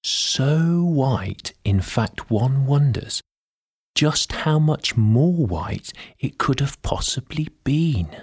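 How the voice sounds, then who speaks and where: A man reading a bedtime story aloud, gentle and drawn-out, dropping now and then into soft whispered asides. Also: medium pitch, expressive, husky.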